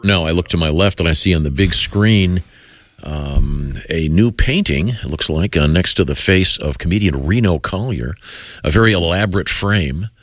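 Low-voiced radio host, dry and halting. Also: male voice, lively intonation, dry recording. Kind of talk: morning radio banter.

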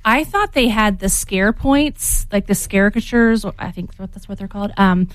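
Hesitant woman guest, mid pitch. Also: expressive, normal speed, no echo. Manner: hesitant, searching for words. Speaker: guest, mother. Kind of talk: casual interview answers.

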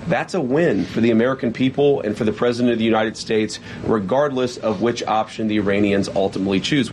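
Man, low, quick and assertive, faint background ambience. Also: darkish tone, slight background noise, rough recording. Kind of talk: political statement clip.

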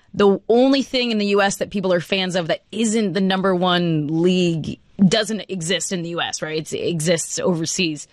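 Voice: mid-range voice, no echo, clean studio sound. An interviewer asking follow-up questions and offering encouraging backchannels. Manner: encouraging, many backchannel mm-hmms.

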